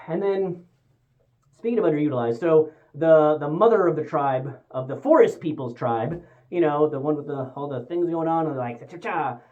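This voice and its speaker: A woman giving a casual spoken movie review, exasperated and sarcastic, acting out characters' lines in quick asides. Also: deep voice, lively intonation, warm tone. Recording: tinny phone-like sound.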